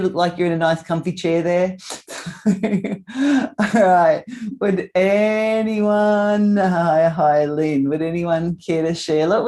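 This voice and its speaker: A woman's voice: fairly low pitch, darkish tone. A middle-aged woman with an Australian accent, teaching a live online movement class over a video call, chatting and greeting people by name with frequent laughter.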